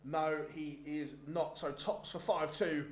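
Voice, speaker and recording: A man's voice: on the high side, steady tone, slow pace, a little hiss or hum. A man hosting a darts stream, chatting casually and rambling with frequent restarts between bits of live commentary. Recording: roomy echoey sound.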